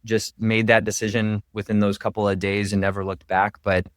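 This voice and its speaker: A man's voice: lowish voice, flat delivery, moderate pace, clear, resonant tone, no echo, clean studio sound. A man, a radiation oncologist, explaining his work in an earnest, step-by-step way as a podcast guest. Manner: earnest, explanatory, heavy on "really" fillers. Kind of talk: interview podcast conversation.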